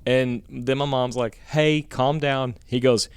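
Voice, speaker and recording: A man tells a story in loose, profane chat, rambling and getting animated when he quotes people. His voice is smooth and resonant, recorded close and dry with no room sound. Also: mid-range voice, measured pace, no room sound. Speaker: podcast co-host telling a story.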